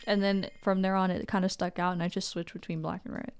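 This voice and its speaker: A young woman with a smooth, clean voice answers questions as a podcast guest. She talks casually, rambles with fillers and laughs easily. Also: on the low side, flat delivery, quick pace, faint music behind. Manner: chatty, laughs often, filler-heavy. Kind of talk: casual interview talk.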